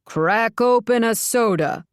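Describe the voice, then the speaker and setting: A woman's voice: a little high, slow pace, clean tone, no room sound, clean studio sound, voice pushed up. A woman narrator voicing a domineering older father who taunts his daughters in a smug, offhand way. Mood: taunting.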